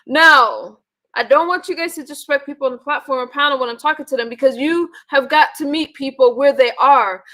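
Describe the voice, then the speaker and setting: A woman's voice: high-pitched, fairly quick, pushed and bright. A woman hosting a live online panel, bluntly and profanely scolding her viewers. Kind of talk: live-stream chat, ranting to viewers.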